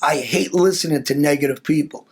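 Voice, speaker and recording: A man's voice: on the high side, a little fast, husky. A male host speaking earnestly and bluntly, with strong opinions and repeated words. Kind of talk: casual conversation.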